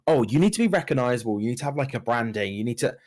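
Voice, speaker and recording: A man co-hosting a gaming podcast, explaining points in a measured, casual way. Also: medium pitch, expressive, darkish tone. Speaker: podcast co-host.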